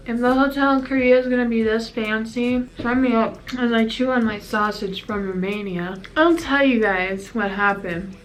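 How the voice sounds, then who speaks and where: A young woman telling a travel story to her phone camera from a hotel room, chatty and animated and a little sniffly from crying. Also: on the high side, slight background noise, low-quality recording. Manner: chatty, animated, acts out quoted exchanges. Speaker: vlogger. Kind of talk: casual storytime vlog.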